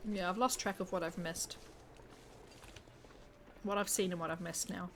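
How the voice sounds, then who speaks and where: A woman's voice: lowish voice, fairly even intonation, normal speed, fairly bright tone, a little hiss or hum. A woman streaming a game from home, chatting casually and joking, sometimes talking with her mouth full. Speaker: live streamer. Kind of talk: casual live-stream chat while gaming.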